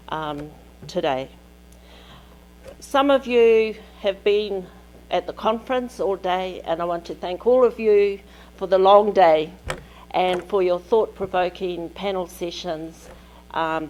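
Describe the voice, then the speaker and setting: A woman delivers a conference keynote in a lecture hall. She speaks slowly and deliberately, in short measured phrases. Her voice sits at an ordinary middle pitch. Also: darkish tone, a little hiss or hum. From New Zealand.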